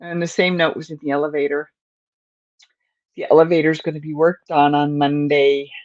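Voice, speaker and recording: A woman's voice: low voice, flat delivery, normal speed, a little mellow, dry recording, highs cut off. An older woman hosting a crochet livestream, chatting in a rambling, casual way to viewers and often chuckling. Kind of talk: casual chat while crocheting.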